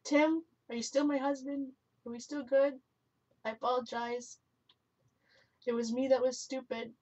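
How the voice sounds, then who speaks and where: A woman with a slightly raised pitch hosts a live craft stream, chatting freely, correcting herself as she goes and breaking into laughter. She answers viewers' comments aloud. The sound is muffled and lo-fi. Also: flat delivery, measured pace, mellow. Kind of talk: casual chat while crafting. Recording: dull lo-fi recording.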